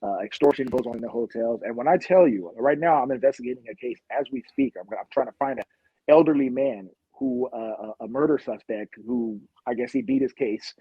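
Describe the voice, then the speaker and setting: A man's voice: medium pitch, animated, brisk, slightly rough, no room sound, dull audio. A man from Long Beach, a police officer guest on a podcast, telling street stories in a blunt, impassioned way. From Long Beach, California. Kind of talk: podcast interview storytelling.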